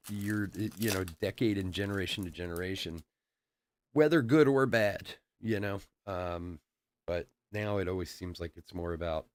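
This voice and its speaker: A middle-aged man with a low, gravelly voice hosts a live trading-card break. He chats in an easygoing way, laughs often, and rattles off player names as he opens packs. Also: a little hiss or hum. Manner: chatty storyteller, laughs often, calls out cards. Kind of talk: casual live-stream chat while opening card packs.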